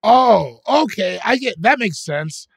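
A young man co-hosting a casual podcast, animated and rambling, often restarting his sentences. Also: high voice, takes it slowly, creaky, breathy edge, no echo. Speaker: podcast co-host.

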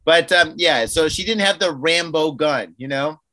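A man co-hosting a podcast in casual chat, animated and quick to laugh. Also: on the high side, dry recording. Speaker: podcast co-host.

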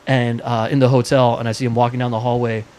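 A man who works as a ring announcer, recalling anecdotes in relaxed casual chat. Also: mid-range voice, quick pace, slight background noise.

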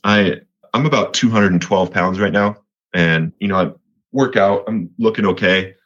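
A man's voice: low-pitched, moderate pace, a bit bright, muffled recording. A man from Colorado, a podcast guest giving an earnest personal faith testimony, often restarting and repeating words.

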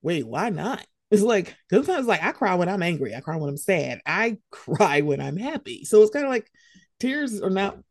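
A woman co-hosting a podcast in easygoing conversation. She talks with lively swings and acts out reactions with sudden jumps up in pitch. The sound is dry and close. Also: normal speed, no room sound. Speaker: podcast co-host. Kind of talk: casual conversation.

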